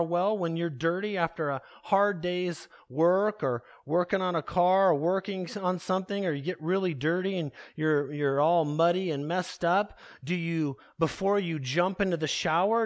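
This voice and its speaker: A man preaching a sermon, emphatic, asking the congregation rhetorical questions and slowing down to stress key words. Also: high-pitched. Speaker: pastor.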